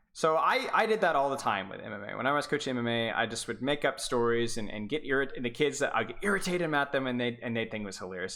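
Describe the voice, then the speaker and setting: Man, streamer, esports coach, bright voice, casual rambling chat, stutters and restarts. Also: medium pitch.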